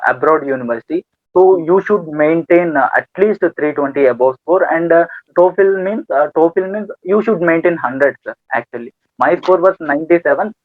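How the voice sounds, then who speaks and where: A man's voice: a little high, dry recording. Brief: young man, hesitant interviewee, tinny video-call line. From India. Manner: hesitant, many fillers, polite "sir". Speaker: student guest. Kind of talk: interview answers. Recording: tinny phone-like call audio.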